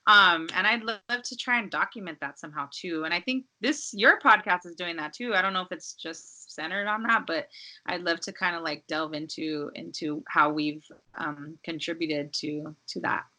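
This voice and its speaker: Woman, from Los Angeles, DJ guest, low pitch, bright tone, rambling casual talk, lots of fillers. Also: moderate pace. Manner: relaxed, rambling, heavy use of "like" and "um". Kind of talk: casual podcast chat.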